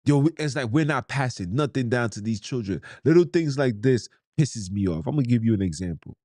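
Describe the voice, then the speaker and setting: A man's voice: medium pitch, expressive, fairly quick, warm tone, no echo, clean studio sound. A man, hosting a podcast in a blunt, heated, slangy monologue. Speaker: podcast host. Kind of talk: ranting monologue.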